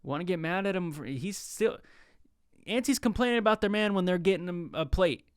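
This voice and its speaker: A young man tells funny stories in a relaxed solo podcast and slips into quick impressions of other people. His voice sits a little high and comes across smooth and clean. The sound is dry and close, with no room echo. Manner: joking, animated storytelling with mimicked voices. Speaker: podcast host. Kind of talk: casual solo talk.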